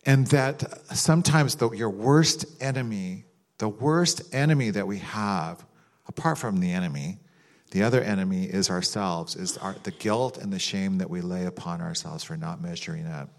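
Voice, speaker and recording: Male pastor, lowish voice, informal rambling sermon delivery. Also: normal speed, vocal fry. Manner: conversational, rambling, acts out mock voices with laughter. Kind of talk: sermon with prayer.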